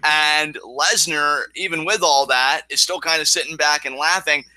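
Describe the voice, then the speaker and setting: A man chatting casually as co-host, his voice very bright and forward, slightly higher than most men. He rambles emotionally and restarts his sentences often. The sound is dry and close. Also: moderate pace, no room sound. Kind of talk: casual podcast chat.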